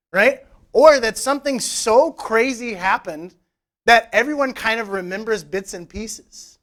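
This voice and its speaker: A man's voice: high voice, fairly bright tone. A man preaching a conversational sermon in church, retelling scripture with casual, joking asides. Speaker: pastor. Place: church service.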